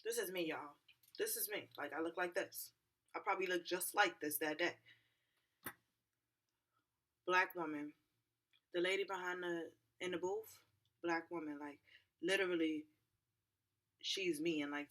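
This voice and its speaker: Ny girl doing a storytime vlog, bright punchy voice, plays all the people in the story. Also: low voice, normal speed. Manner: animated, acts out every character in the story. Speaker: vlogger. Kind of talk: casual storytime.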